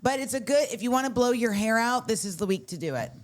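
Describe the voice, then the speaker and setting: A woman's voice: a little high, expressive, fast talker. A woman co-hosting a morning radio show, rambling casually through the weather report and laughing easily. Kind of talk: casual chat.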